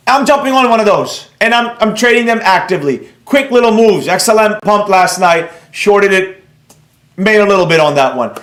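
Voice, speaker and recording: A man teaching a live trading class, blunt and excitable, rambling off on tangents while reading viewers' comments and scolding them. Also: high voice, normal speed, reverberant.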